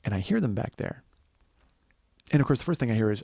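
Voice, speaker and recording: A man in his forties hosting a comedy podcast, telling a long story in a profane, rambling, animated way. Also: fairly low pitch, fast talker, vocal fry, husky, no echo. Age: 40s. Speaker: podcast host.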